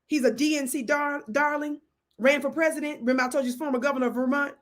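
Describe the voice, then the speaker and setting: A high-voiced woman hosts a live stream, speaking like a preacher as she reads comments from her chat and calls blessings down on her viewers. Her tone stays steady and her pace is quick.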